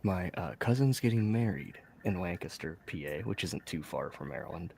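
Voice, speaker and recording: Softly spoken man with a low voice. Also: lively intonation, normal speed, creaky, a little hiss or hum. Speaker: guest on stream. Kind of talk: casual chat.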